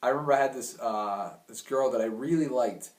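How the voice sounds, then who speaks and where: A man's voice: mid-range voice, fairly quick. A young man giving blunt, crude dating advice in a chatty way. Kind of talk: casual advice talk. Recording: roomy sound, mic at a distance.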